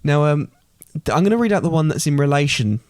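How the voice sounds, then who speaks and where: A man's voice: fairly high pitch, animated, quick pace, a little mellow, no room sound, studio quality. A man co-hosting a podcast with his father, teasing him and reading out listener messages in casual chat. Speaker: podcast co-host, son.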